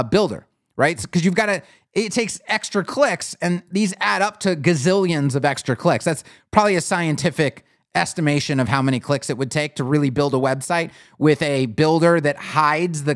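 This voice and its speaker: A man's voice: a little high, no echo, studio quality. Blunt, opinionated male web design host. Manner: blunt, opinionated, thinks aloud while clicking. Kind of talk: live screen-share tutorial and critique.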